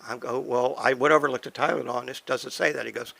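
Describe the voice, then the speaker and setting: Gravelly older man telling a folksy story. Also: medium pitch, fairly even intonation, fast, few pauses, fairly bright tone, dry recording, rough recording. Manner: folksy, wry storyteller acting out dialogue. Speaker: podcast co-host. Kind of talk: casual storytelling. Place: studio.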